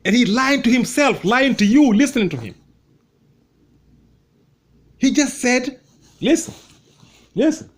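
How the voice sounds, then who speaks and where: High-voiced man, scornful commentary. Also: expressive, a little slow, long pauses. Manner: scornful, mocking, repetitive. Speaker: debate show host replaying a clip. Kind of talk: heated commentary.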